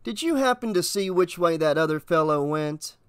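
A man doing a calm, courteous stranger. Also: a little high, moderate pace, clean tone, no room sound, studio quality, natural voice. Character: polite calm smoldering tall mysterious man.

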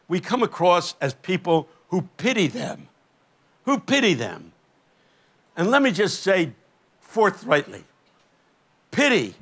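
A man's voice: fairly high pitch, a bit bright. An older man preaching a sermon on a festival stage, telling stories with impassioned emphasis. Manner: impassioned storytelling, rising to emphatic peaks.

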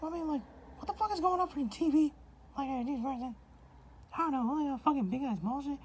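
A woman's voice: high-pitched, quick pace. A woman in a rambling, profane rant, full of crude insults, swearing and filler words. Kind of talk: profane ranting monologue.

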